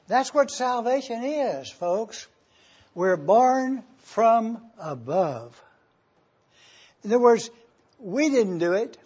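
A man preaching a sermon, teaching and emphatic, bursting into sudden excitement as he explains. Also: sits high, husky, highs cut off.

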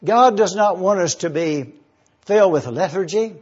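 A man teaching the Bible verse by verse, deliberate and careful, spelling out words letter by letter. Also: high-pitched, animated, breathy edge, dull audio.

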